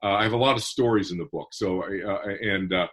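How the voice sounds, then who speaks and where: Give me a man with a husky voice explaining his ideas earnestly in an interview. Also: low voice, a little fast, a bit bright. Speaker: guest author. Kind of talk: podcast interview.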